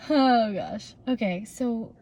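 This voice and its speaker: Her phone propped up in a parked car, a young woman vlogs in a slow, warm, slightly high voice. The chat is casual and rambling, full of fillers and false starts.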